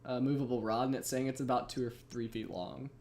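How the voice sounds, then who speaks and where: A man's voice: mid-range voice, fairly even intonation, fast, gravelly, a little mellow. A man playing in a casual tabletop game, hesitant and full of questions. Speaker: player.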